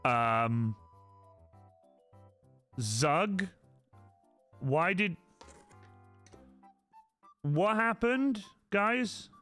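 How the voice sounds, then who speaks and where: A man's voice: high-pitched, animated, extremely slow, long pauses, bright, forceful tone, clean tone, soft background music. A young man hosting a casual crafting livestream, chatting to his viewers and apologizing often. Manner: chatty, apologetic, talks straight to chat. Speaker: livestream host.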